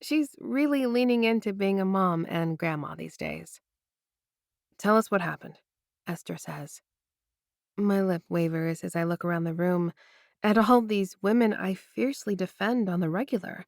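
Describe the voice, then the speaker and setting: Gravelly woman narrating a romance. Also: mid-range voice, moderate pace, darkish tone, no room sound, clean studio sound. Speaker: audiobook narrator. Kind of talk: first-person romance narration.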